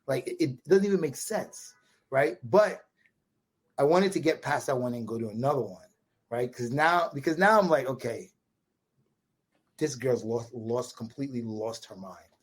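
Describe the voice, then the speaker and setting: Husky Brooklyn man telling a story animatedly. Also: medium pitch, moderate pace. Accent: New York. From Brooklyn, USA. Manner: animated, repetitive restarts, quotes dialogue with "right?" tags. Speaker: podcast guest. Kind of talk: casual storytelling.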